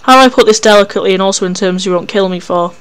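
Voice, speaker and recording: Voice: medium pitch, racing, a bit bright, smooth, close to an everyday voice. A reader voicing a grumpy, crude old mentor. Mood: exasperated. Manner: sarcastic, exasperated. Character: grumpy weary male mentor, blunt and crude.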